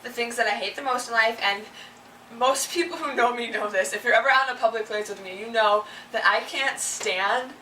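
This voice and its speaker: Bright-voiced young woman ranting. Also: on the high side, a little fast, a little hiss or hum. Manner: chatty and exasperated, acts out quoted people. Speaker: vlogger. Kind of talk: casual ranting vlog. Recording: roomy, a little distant from the mic.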